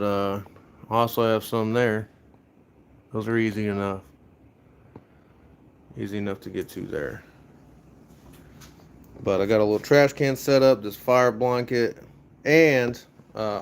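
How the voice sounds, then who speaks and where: Young american dude in his garage, live stream, rambly motivational chat, normal mid voice. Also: medium pitch. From USA. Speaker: livestreaming garage vlogger. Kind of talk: casual live-stream chat while organizing tools. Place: home garage.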